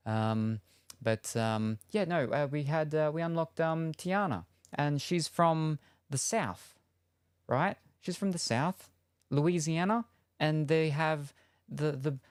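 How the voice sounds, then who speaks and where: A man's voice: on the high side, slow pace, clear, resonant tone, no echo, clean studio sound. A young man live-streaming from home, chatting casually and playfully, reading out viewer names and messages with many fillers. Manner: rambling, playful, reads chat messages aloud.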